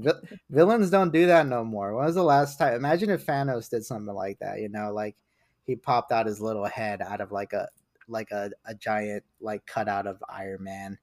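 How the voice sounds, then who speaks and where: A man talking casually as a podcast guest, rambling and animated, with many restarts and fillers. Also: lowish voice, normal speed, no room sound, studio quality.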